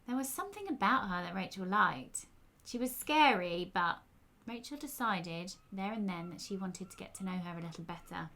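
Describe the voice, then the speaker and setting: A woman's voice: medium pitch, lively intonation, brisk, few pauses, sharp tone. A woman storyteller reading her own fiction aloud in a wry, conversational way.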